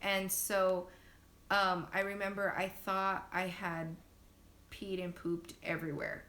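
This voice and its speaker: A young woman casually telling her birth story on a phone live stream, chatty and laughing often, acting out quotes in sudden loud high bursts. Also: level tone, slow. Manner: laughs often, many fillers.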